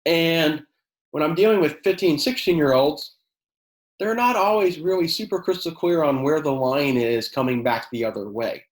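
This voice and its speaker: A man who teaches high school chemistry, leading a workshop for teachers in a conversational way with many fillers. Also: animated, moderate pace, roomy sound, low-quality recording. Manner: conversational, many fillers, acts out quoted exchanges; self-described sarcastic.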